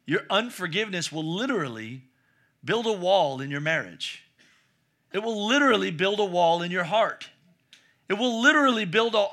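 A male pastor delivers a sermon in a church. His voice sits high and rings bright and clear. He hammers home his points by repeating them again and again. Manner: preaching with emphatic repetition.

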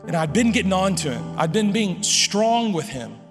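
A man's voice: high voice, very animated, moderate pace, big-room sound, faint music behind. A middle-aged man preaching a sermon, telling a family story with frequent restarts and quoted dialogue. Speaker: pastor.

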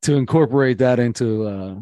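A man's voice: mid-range voice, brisk. Joking man co-hosting a sports podcast. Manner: joking, animated storytelling with acted-out quotes. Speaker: podcast co-host. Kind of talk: casual sports chat.

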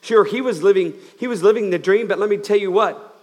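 A male pastor giving a sermon, swinging between loud emphatic lines and quiet, slowed-down ones. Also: high voice, long reverb tail.

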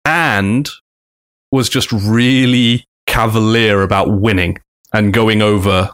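A man's voice: lowish voice, slow, clear, resonant tone. A man co-hosting a podcast, telling a story casually and acting out the quotes. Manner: animated, acts out quotes in big voices. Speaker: podcast co-host.

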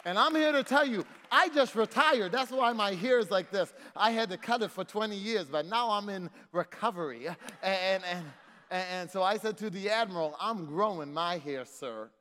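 A man's voice: sits high, moderate pace, sharp tone, a little hiss or hum. A middle-aged man preaching a sermon in rhythmic call-and-response, repeating refrains and calling out to the congregation. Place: church sanctuary. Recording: long reverb of a church hall.

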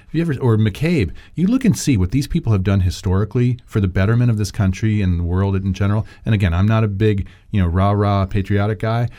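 A man co-hosting a podcast, talking politics in a casual, animated, digressive way and laughing often. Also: fairly low pitch, fast talker, hardly any pauses. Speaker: podcast co-host.

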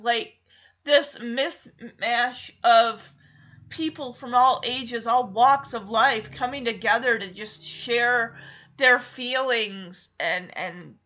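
A woman's voice: a little high, bright, forceful tone, lo-fi sound. A woman casually recapping a movie, chatty and emotional as she tells the story.

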